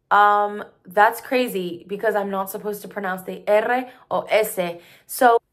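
A woman's voice: mid-range voice, fairly even intonation, normal speed. A young woman chatting casually to the camera, rehearsing audition lines and criticizing her own takes. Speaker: voice actor vlogger. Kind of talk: casual vlog talking to camera.

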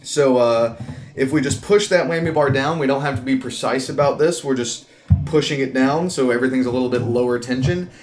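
A man's voice: mid-range voice, fairly quick. A man teaching guitar in a casual, rambling way, full of fillers and restarts. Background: loud electric guitar playing.

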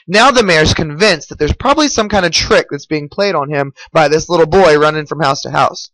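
Teacher telling his class a story, high voice, dry close recording. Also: brisk, no echo, poor audio. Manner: animated storytelling. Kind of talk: storytelling to students.

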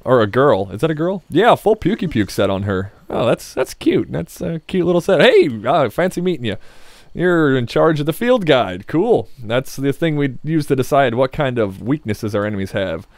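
A man's voice: mid-range voice, big pitch swings, normal speed, dry recording. A man casually commenting on his gameplay as a Let's Play host, rambling and joking with his viewers. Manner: rambling, jokey, talks to viewers.

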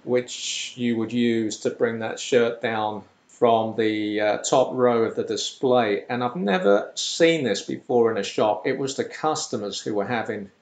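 A man's voice: mid-range voice, fairly even intonation, unhurried, hardly any pauses. A comedian spins a long, rambling anecdote in a dry, self-deprecating tone. His voice sits in a medium register, with a roomy echo around it. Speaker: comedian podcast host. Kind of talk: comic storytelling monologue.

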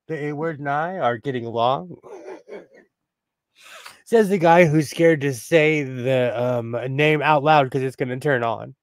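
A man's voice: a little high, slow, pauses often, no room sound, studio quality. A man from the United States chatting casually, joking around and laughing a lot. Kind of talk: casual chat.

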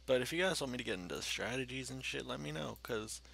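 Gravelly man rambling over gameplay. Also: medium pitch, expressive, fast talker, sharp tone. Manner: rambling, profane, talks to himself while playing. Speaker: gaming channel host. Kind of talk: casual let's-play commentary.

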